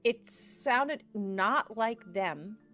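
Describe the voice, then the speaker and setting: Slow-narrating woman game master. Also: on the high side, lively intonation, sharp tone, soft background music.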